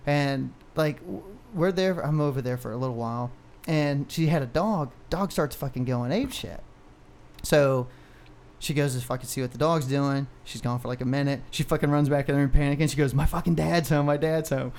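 A man's voice: mid-range voice, moderate pace, a little mellow. A man in his thirties, a podcast co-host, telling a long personal story in casual, profane, rambling talk with frequent laughs.

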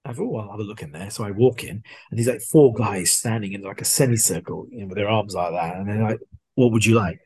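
A man, a podcast guest, casually telling a story and acting out the dialogue in an animated way. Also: lowish voice, fast, slightly rough, no room sound. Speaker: guest watch collector.

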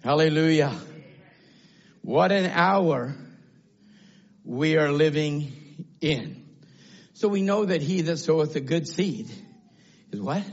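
Fiery older preacher swinging high and low. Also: male voice, slightly rough. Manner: shouting, swinging from low murmurs to high cries. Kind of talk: fiery sermon. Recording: dull lo-fi sound.

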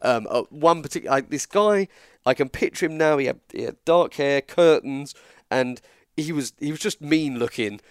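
An English guest storyteller tells a long story in casual chat, animatedly acting out the lines of the people in it. His voice is a little high with a clear, resonant tone, at a moderate pace, captured in a dry, studio-quality recording.

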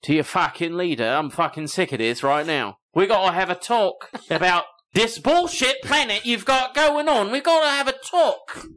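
A woman's voice: mid-range voice, animated, normal speed, pitched above the performer's own voice, natural voice. A woman voicing a rowdy, foul-mouthed male alien visitor with a Cockney accent, swearing and making demands. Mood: exasperated. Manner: swearing, indignant, shouting demands.

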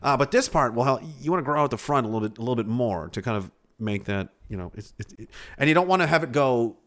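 Male streamer, casual, profane, rambling, animated voice. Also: mid-range voice, quick pace. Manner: profane, rambling, laughs often. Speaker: streamer reading chat. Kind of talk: casual chat.

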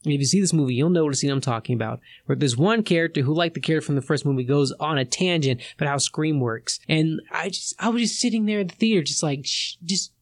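A man's voice: fairly high pitch, quick pace, hardly any pauses, no echo. A man co-hosting a casual podcast, ranting in exasperation with many restarts. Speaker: podcast co-host. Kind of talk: casual movie rant.

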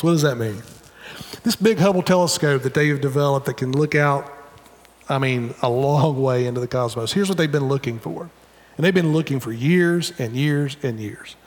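A man's voice: a little high, big-room sound. A male pastor preaching a sermon in an earnest, conversational way, with wry asides. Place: church sanctuary.

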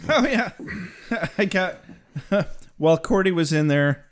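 Man, co-host, casual recap chat, animated delivery, slightly high voice, jokey. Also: slow pace. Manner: laughs often and puts on silly voices for characters. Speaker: podcast co-host.

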